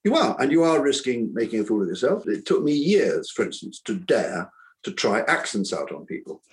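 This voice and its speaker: A sing-song, medium-pitched male voice moves at a moderate pace on a low-quality recording. The speaker is an older author who once taught school, reflecting in an interview with earnest, rambling talk and many restarted sentences.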